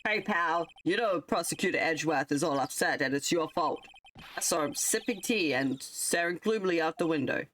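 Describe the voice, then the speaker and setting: A woman voicing a bumbling, good-natured adult male detective who is gruff and keeps calling people "pal". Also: deep voice, animated, normal speed, a bit bright, slight background noise. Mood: scolding. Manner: gruff, says "pal" a lot.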